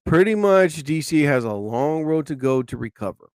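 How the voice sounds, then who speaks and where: A man hosting his own live stream in a loose, rambling way, with quick flashes of frustration and swearing. His voice sits fairly high, and the recording is dry and close. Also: lively intonation, a little mellow, clear, resonant tone, dry recording. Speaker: live show host.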